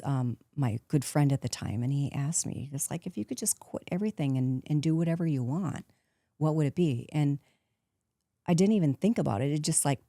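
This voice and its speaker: Very low-voiced woman telling stories. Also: no echo, studio quality. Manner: lively storyteller, acts out quotes, laughs often. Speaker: guest, actress turned painter. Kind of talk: casual interview chat.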